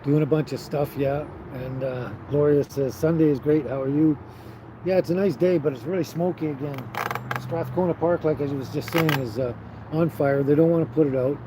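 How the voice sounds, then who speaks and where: A man's voice: a little high, fairly even intonation, normal speed. A man hosting a casual livestream, reading and answering viewer chat in an easygoing way, often chuckling and trailing off with fillers. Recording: outdoor livestream with noticeable traffic noise.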